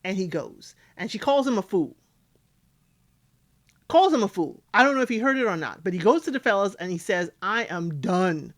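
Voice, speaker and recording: Animated woman recapping reality TV. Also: medium pitch, brisk, pauses often. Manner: animated, acts out cast members' lines. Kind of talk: casual recap commentary.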